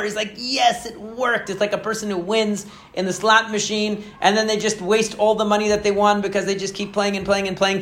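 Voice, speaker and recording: Male teacher, high voice, animated storytelling lesson, lots of fillers. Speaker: Torah teacher.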